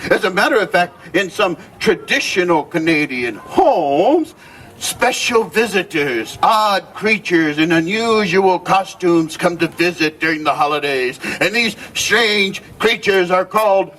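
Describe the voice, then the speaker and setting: A man's voice: high-pitched, animated, unhurried, a bit bright, distant mic, slight background noise. A man playing a jolly old Christmas gift-bringer, telling holiday stories to a live crowd with theatrical exclamations and frequent chuckles. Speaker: costumed storyteller. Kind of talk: live character storytelling to a crowd.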